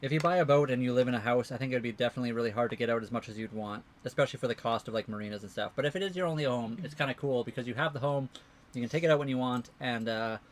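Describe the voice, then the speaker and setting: A man's voice: medium pitch, racing. A man co-hosting a casual livestream, rambling through answers to viewer questions. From Canada. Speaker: livestream co-host.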